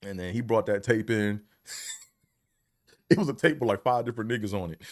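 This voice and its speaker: A man's voice: lowish voice, normal speed. Laughing man telling funny stories. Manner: laughs often, trails off with "man". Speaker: podcast host. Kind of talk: casual storytelling.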